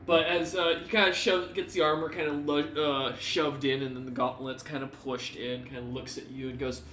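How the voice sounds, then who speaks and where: A man running a tabletop game, narrating in a loose, rambling way with lots of fillers. His voice is bright and fairly high. It sounds roomy and distant from the mic. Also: level tone, brisk, a little hiss or hum. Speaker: game master.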